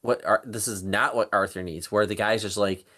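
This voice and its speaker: A man's voice: lowish voice, steady tone, moderate pace, over a noisy crowd. A man co-hosting a podcast, chatting casually about a film and rambling through his retelling with laughs. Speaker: podcast co-host. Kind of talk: casual movie review chat.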